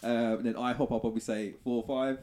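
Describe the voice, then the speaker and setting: A man co-hosting a podcast in easygoing, agreeable chat. His voice is mellow and dark, sitting at an ordinary pitch. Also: flat delivery, fast. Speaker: podcast co-host. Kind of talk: casual chat.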